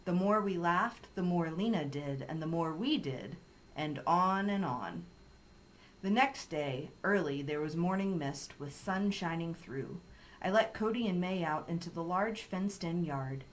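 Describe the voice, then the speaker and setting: A woman reading a children's chapter book aloud in calm, steady storytelling. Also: lowish voice, measured pace, a little hiss or hum, poor audio. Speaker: story reader.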